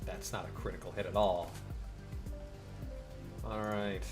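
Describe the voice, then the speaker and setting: A man's voice: low-pitched, little pitch movement, measured pace, music in the background. A man hosting a let's play, reading game text aloud and joking between lines. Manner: casual and joking.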